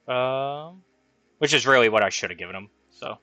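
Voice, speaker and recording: Male DM with a bright, forceful voice, thinking aloud over rolls. Dry mic. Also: medium pitch, expressive, measured pace, dry recording, soft background music. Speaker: dungeon master. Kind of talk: running a tabletop game session.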